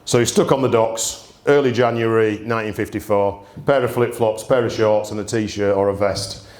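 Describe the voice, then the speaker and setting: A man's voice: lowish voice, fairly even intonation, moderate pace, darkish tone. Chatty man in echoey room. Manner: humorous, chatty, laughs often. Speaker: gin tasting host. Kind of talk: anecdotal storytelling presentation. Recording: roomy echo.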